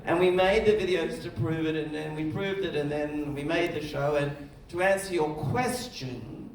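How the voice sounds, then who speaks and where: A middle-aged film director telling lively anecdotes during an on-stage festival conversation, acting out the voices of other people. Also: male voice, on the high side, moderate pace, a little hiss or hum. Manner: animated storyteller, acts out other voices. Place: festival stage before an audience. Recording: echoey room, mic at a distance.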